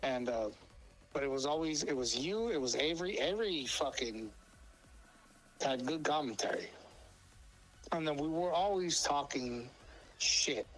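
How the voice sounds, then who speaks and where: A man's voice: a little high, expressive, a little slow, pauses often, fairly bright tone, faint music behind, rough recording. A man telling rambling stories as a co-host, with heavy swearing and many fillers and restarts. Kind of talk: casual storytelling chat.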